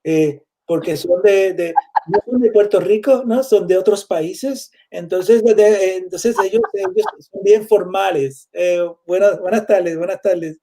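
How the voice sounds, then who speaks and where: A man's voice: high voice, a little fast, hardly any pauses, warm tone, voice pushed up. A man imitating a polite, formal churchgoing family friend with stiff, courteous speech.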